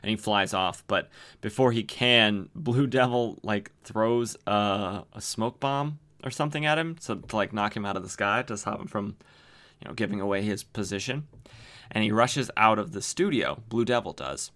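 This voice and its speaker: A man's voice: on the low side, moderate pace, a bit bright. A man hosting a podcast who recaps old comic books casually, rambling with lots of fillers. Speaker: podcast host.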